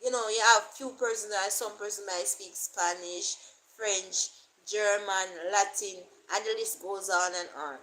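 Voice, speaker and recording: A woman's voice: medium pitch, steady tone, measured pace, bright, forceful tone, poor audio. Jamaican woman vlogger, rambling chat. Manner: rambling, repeats herself, thinks aloud. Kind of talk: casual talk to camera.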